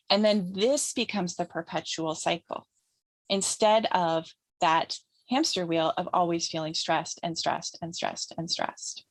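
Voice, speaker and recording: A woman giving a calm, instructive talk about healing trauma as a guest speaker, often repeating phrases for emphasis. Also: medium pitch, no room sound. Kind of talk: teaching talk in an interview.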